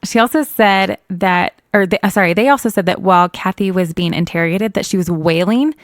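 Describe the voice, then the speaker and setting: Chatty woman podcast host going over a case, dry close mic, mid pitch, laughs a lot. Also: brisk, dry recording. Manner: chatty, laughs often, self-correcting. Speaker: true crime podcast co-host. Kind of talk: casual chat retelling a case.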